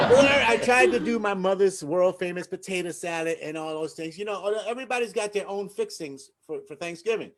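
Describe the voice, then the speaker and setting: Man, fairly high voice, stand-up host, video call, chatty, laughing, asks "right?" a lot. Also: moderate pace, fairly bright tone. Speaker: open mic comedy host.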